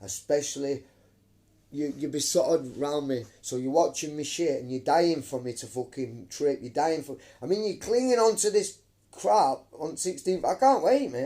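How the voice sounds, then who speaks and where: A man's voice: a little high, dark tone. A man, ranting emphatically into his phone camera on a live stream, swearing and calling listeners mate. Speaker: vlogger.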